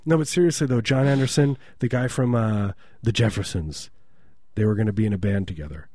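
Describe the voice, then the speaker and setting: A man's voice: lowish voice, a little fast, no echo, studio quality. A man co-hosting a podcast, rambling through jokes and tall stories in casual banter. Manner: rambling, jokey, deadpan exaggeration. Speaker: podcast co-host.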